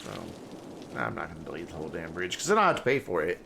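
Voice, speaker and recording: Against a noisy background, a man with a low, gravelly voice talks fast, his pitch swinging wildly. He's casually streaming a city-building game, thinking aloud while he plays, with rambling sentences that tail off.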